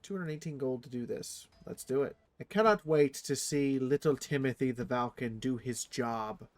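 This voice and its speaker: A man at a middle pitch giving let's-play commentary, reading the game's text aloud between his own remarks. He drops into muttered asides, then erupts into loud, swearing outbursts. His voice sounds dry and close, with faint music underneath. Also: moderate pace, hardly any pauses, no echo. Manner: swears freely. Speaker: streamer.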